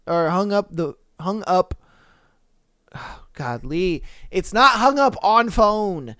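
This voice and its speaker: A young man hosting a podcast, reading stories aloud and reacting with swearing and loud outbursts. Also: high voice, animated, slow, clear, resonant tone, no echo, clean studio sound. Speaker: podcast host.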